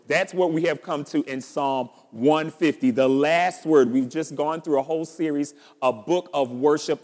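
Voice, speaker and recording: A male pastor preaching a sermon, telling a story and building to loud emphasis. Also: on the high side, long reverb tail.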